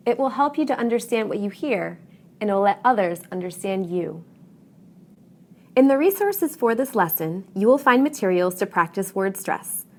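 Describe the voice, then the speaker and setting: Lively clear-voiced woman teacher. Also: medium pitch. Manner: clear, deliberate teaching delivery with modeled stress patterns. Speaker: English pronunciation teacher. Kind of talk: scripted lesson narration.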